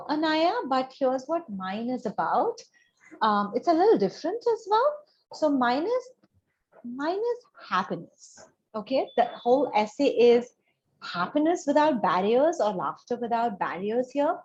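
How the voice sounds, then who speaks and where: A woman counseling a student on an admissions essay over a video call, in a reflective way that builds on vivid example stories. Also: on the high side. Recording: dull, lo-fi video call audio.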